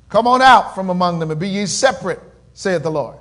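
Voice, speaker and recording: A man preaching a sermon in call-and-response style, swinging between loud swells and quiet murmurs. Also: sits high, expressive, fairly quick. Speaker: pastor.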